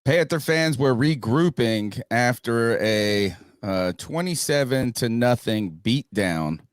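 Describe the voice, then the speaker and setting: A man hosting a sports podcast over a video call, talking in an animated, playful way. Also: mid-range voice, slow pace, dry recording, clean studio sound. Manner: animated, playful, mock-panicky. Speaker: podcast host. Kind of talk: casual sports podcast talk. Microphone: webcam and mic on a video call.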